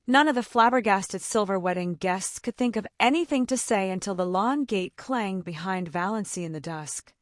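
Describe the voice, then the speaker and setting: A woman narrating an audiobook in an expressive storytelling style. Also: medium pitch, moderate pace, few pauses, no room sound, studio quality. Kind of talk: scripted narration.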